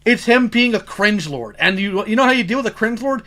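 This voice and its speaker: A man's voice: sits high, expressive, brisk, bright, forceful tone. A man hosting a casual stream, chatty and blunt as he gives advice and tells stories. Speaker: streamer host. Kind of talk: casual commentary.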